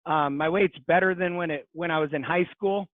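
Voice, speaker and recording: A man in his forties, a podcast guest, talking in an earnest, reflective way with many pauses. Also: a little high, dry recording. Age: 40s. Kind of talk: casual interview chat. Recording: tinny phone-like line.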